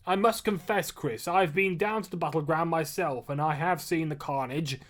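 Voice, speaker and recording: A man's voice: on the high side, normal speed, fairly bright tone, lightly acted. A man voicing an old British major general, hearty and officious, speaking over a field radio. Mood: hearty, booming.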